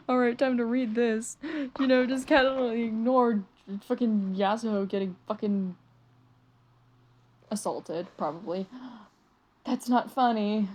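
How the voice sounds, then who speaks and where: A woman hosts a casual read-aloud of a comic and reacts as she goes. Her delivery is halting and rambling, with frequent swearing and stumbles over words. She sounds drained and deflated throughout. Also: medium pitch, darkish tone. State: weary and deflated. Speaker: channel host reading a manga aloud.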